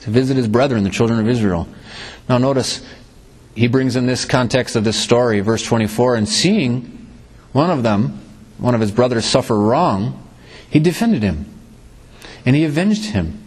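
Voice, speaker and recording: A man preaching a sermon, reading scripture and explaining it, his voice dropping low and rising again for emphasis. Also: lively intonation, moderate pace, pauses often, a little mellow, husky.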